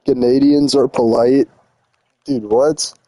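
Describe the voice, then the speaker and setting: A man's voice: mid-range voice, fairly even intonation, slow pace, dark tone, no room sound. Young man rambling on a live stream. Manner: rambling, slangy, teasing chat with lots of "bro" and "dude". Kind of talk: casual live-stream chat while building in a game.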